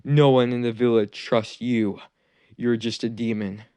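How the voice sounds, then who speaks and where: A man's voice: medium pitch, steady tone, unhurried, dark tone, smooth, no room sound, natural voice. A man voicing a scheming, treacherous male ninja teacher who taunts and gloats, in a fan-made anime story. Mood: taunting.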